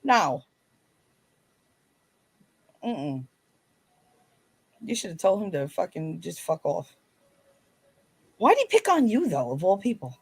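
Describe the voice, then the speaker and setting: A woman's voice: lowish voice, very animated, takes it slowly, long pauses, breathy edge. A woman in casual chat, blunt and scornful about someone.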